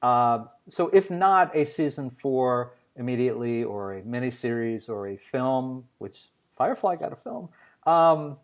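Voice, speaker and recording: A man's voice: mid-range voice, expressive, a little slow. A man hosting an interview, chatty and joking, with fillers between his questions. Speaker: interview show host. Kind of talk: casual interview conversation.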